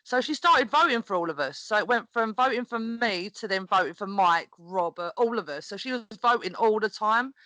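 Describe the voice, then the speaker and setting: A woman's voice: mid-range voice, normal speed, hardly any pauses, dry recording, low-quality recording. A woman, a podcast guest, chatting casually and animatedly, laughing often as she tells a story. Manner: animated, laughs often, acts out quoted voices. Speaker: podcast guest, wrestling promo performer.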